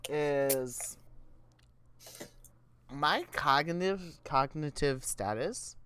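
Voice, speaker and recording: A woman's voice: low-pitched, very slow, a bit bright, a little hiss or hum. A tipsy woman streaming a game from home, talking loosely with swearing. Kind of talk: casual chat while gaming.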